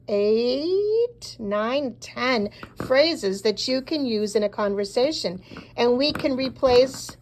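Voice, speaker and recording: Slow, deliberate woman teaching a class. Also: medium pitch, a little mellow. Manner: slow, deliberate model phrases with pauses for repeating. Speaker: Spanish teacher. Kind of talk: recorded language lesson.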